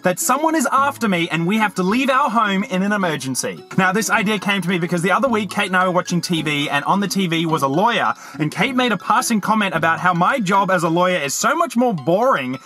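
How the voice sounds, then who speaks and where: A man's voice: high voice, expressive, quick pace, hardly any pauses, pushed and bright, soft background music. A man hosting a prank vlog, talking animatedly to camera and urgently pleading with his wife. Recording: echoey room.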